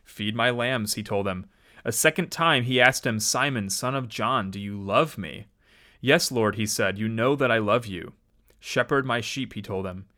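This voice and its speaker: A man's voice: lowish voice, moderate pace, pushed and bright. A man hosting a faith podcast, chatting loosely with many fillers and restarts, then reading a Bible passage aloud. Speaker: podcast host.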